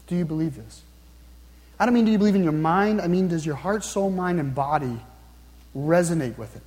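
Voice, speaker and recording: Earnest high-voiced male preacher. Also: a little mellow. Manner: earnest, repeats questions to the listener, slows down to read scripture. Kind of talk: sermon. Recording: long reverb, hall-like.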